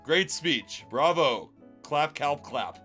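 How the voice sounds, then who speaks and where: A man voicing a gruff, stern male store owner who scolds in a preachy way. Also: on the high side, animated, slow, pushed and bright, soft background music, pitched below the performer's own voice, exaggerated voice. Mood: sarcastic.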